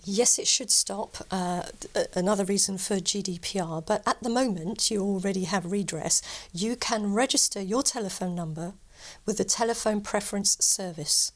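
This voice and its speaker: A woman lawyer answers questions as a guest in a TV studio. She is firm and precise. Her voice is mid-pitched. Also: normal speed. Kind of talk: expert interview answers.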